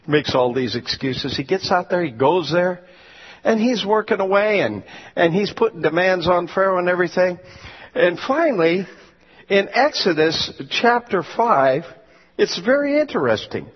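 A man's voice: high voice, expressive, normal speed, breathy edge, long reverb tail. A male pastor preaching a sermon, telling stories with emphasis, on a dull lo-fi recording.

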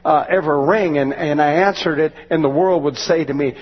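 A man's voice: on the high side, brisk, slightly rough. Fervent preaching man, echoing hall. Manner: fervent preaching, builds to exclamations. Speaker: pastor. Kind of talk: sermon. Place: church sanctuary. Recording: dull lo-fi church recording with long reverb.

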